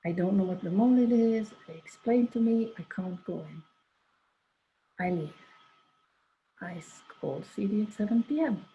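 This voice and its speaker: A woman's voice: mid-range voice, normal speed, long pauses, a little hiss or hum. An older woman telling a personal story in a rambling, conversational way, full of asides and quoted dialogue. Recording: dull lo-fi recording.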